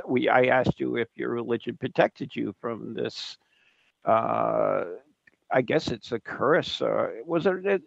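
A man with a New England accent hosting a radio interview, folksy and self-deprecating, halting with fillers. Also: mid-range voice, gravelly, no room sound, highs cut off. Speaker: radio show host.

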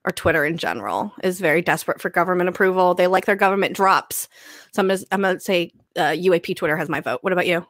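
A woman's voice: on the low side, expressive, fast talker, fairly bright tone, dry recording. Playful female podcast co-host, casual banter, dry close sound. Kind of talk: casual chat.

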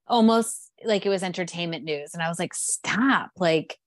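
A woman's voice: fairly low pitch, fairly quick, no echo. A woman co-hosting a casual pop culture podcast, speaking frankly and opinionatedly, swearing now and then and laughing easily. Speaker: podcast co-host. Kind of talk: casual chat.

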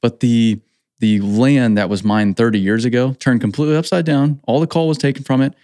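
A man's voice: mid-range voice, steady tone, a little fast, mellow, no echo, studio quality. A man hosting a casual conversation, enthusiastic and upbeat, often saying "like".

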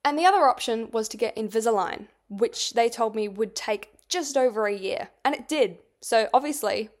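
The young podcast host speaks at a moderate pace in a voice on the high side, telling a rambling personal story full of profanity and "like" fillers.

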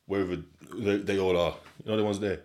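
A man's voice: sits low, level tone, fast talker, darkish tone, a little hiss or hum. A young man, hosting a podcast in a rambling, slangy, swear-filled chat and laughing often. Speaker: podcast host. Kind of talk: casual solo podcast chat.

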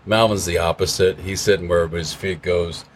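A man with a low voice tells a rowdy story in loose, casual conversation, slipping into quick voices for the people in it. Faint noise hums under the recording. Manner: animated storyteller who acts out other people. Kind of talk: casual chat, anecdote.

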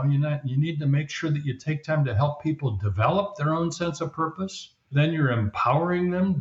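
A man who is a leadership coach and author, explaining his ideas as a guest in a podcast interview and sometimes acting out quoted voices. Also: a little high. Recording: roomy, dull lo-fi sound.

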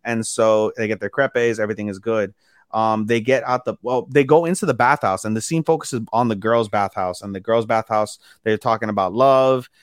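A man co-hosting a podcast, casually recapping an episode with animated delivery and quick bits of acted dialogue, swearing freely. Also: fairly low pitch, clean tone, no room sound, clean studio sound. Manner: animated recapping, acting out characters' lines in quick put-on voices, swears freely. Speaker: podcast co-host. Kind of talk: casual chat.

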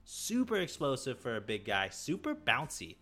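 A guest on a sports podcast, this man talks with a forceful, bright edge and hypes up every point in slang. Faint music runs underneath his voice. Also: medium pitch, huge pitch swings, moderate pace. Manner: hyped, emphatic, slangy. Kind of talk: casual sports chat.

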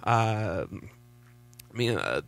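A man's voice: on the low side, very animated, extremely slow, creaky, fairly bright tone. A man co-hosting a podcast, chatting about politics in a laid-back, hesitant way with many fillers. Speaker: podcast co-host. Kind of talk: casual political chat.

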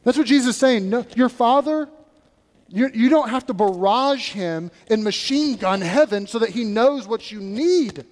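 A male pastor with a notably high voice preaches in a lively, conversational way, breaking into acted asides. His words carry a long reverb through the church sanctuary. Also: moderate pace. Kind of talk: sermon.

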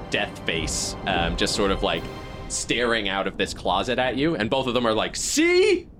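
A man narrating a tabletop game as game master, chatty and loose, with lots of filler words. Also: lowish voice. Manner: chatty, full of "like" and "um".

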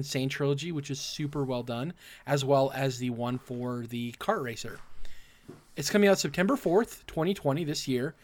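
Raspy-throated gaming podcast host. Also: male voice, medium pitch. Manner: runs the segments, asks the panel questions. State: throat rough from acid reflux. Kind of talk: casual gaming podcast chat.

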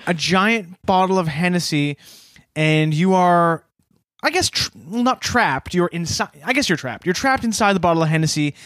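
High-voiced man, easygoing podcast banter. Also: moderate pace, fairly bright tone. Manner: easygoing, hesitant, full of fillers. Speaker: podcast co-host. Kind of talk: casual comedy podcast chat.

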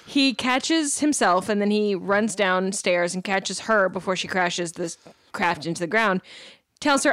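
A woman's voice: medium pitch, a little slow, fairly bright tone, no echo, studio quality. A woman co-hosting a casual podcast, recapping an episode with swearing and frequent laughter. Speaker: podcast co-host.

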